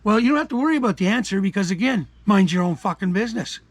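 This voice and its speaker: An older man from Canada ranting his opinions in a combative, profane way, dropping to mutters and rising to shouts. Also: high-pitched, lively intonation, quick pace, no room sound. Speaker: commentary vlogger. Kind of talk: angry opinion rant.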